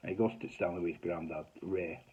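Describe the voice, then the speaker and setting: Telling comic anecdotes in a broad, chatty manner, a middle-aged man with a Northern English accent talks fairly quickly in a low, breathy, fairly even voice. The audio sounds tinny, like a phone. A comedy sitcom writer by trade, he swears mildly and does voices for the people in his stories.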